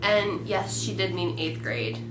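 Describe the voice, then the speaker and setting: A young woman with a drawl telling a high school story in casual vlog style, acting out the quoted lines. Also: lively intonation, measured pace. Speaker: vlog co-host. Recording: echoey room with faint noise.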